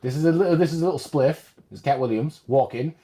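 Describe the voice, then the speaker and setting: A man in casual chat, telling stories in an excitable, profane way that builds to loud outbursts. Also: a little high, fast. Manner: excitable, profane storytelling with big swings.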